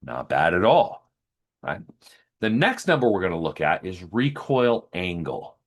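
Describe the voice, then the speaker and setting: A man's voice: low voice, big pitch swings, a little slow. A man hosting a video, walking methodically through test numbers step by step and explaining each one to viewers. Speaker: host comparing rifles.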